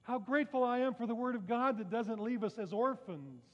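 A man's voice: very high voice, fairly quick. A man preaching a sermon, talking conversationally with rhetorical questions and self-deprecating asides. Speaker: pastor. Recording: muffled sound with long reverb in a large hall.

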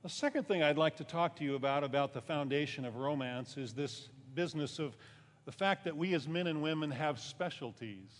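A male pastor with a somewhat high voice delivers a conversational sermon. He lifts his voice for emphasis and then sinks low at the ends of thoughts. The sound carries a long hall reverb. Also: a little fast.

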